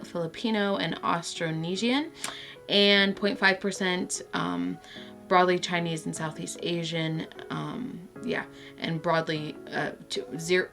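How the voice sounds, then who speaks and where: A woman from Brazil chatting excitedly to camera as a vlogger and stumbling over words. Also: lowish voice. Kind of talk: casual chat to camera.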